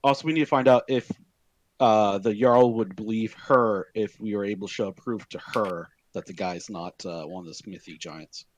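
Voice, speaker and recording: A man's voice: on the low side, normal speed, rough recording. A man playing a tabletop game over online voice chat, steering the group's plan with many filler words. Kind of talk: casual planning talk at the game table.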